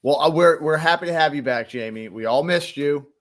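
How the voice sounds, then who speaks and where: A man's voice: a little high, fairly quick. A man co-hosting a casual live show, laid-back and easygoing, often saying "dude" and "man". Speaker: co-host. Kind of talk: casual chat.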